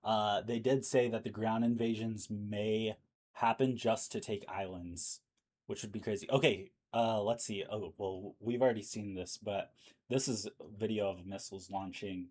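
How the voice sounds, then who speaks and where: Hoarse man rambling through live news. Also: on the low side, fairly even intonation, normal speed, darkish tone. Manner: rambling, thinking aloud with fillers. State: losing his voice. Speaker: livestream news host. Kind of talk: casual live commentary.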